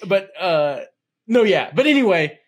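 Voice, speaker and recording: A man from Nebraska with a fairly high voice, trading easy banter as a podcast co-host. He talks in a loose, joking way and often makes fun of himself. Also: sing-song, a little slow. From Nebraska, USA. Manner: joking, self-deprecating. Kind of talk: casual basketball podcast chat.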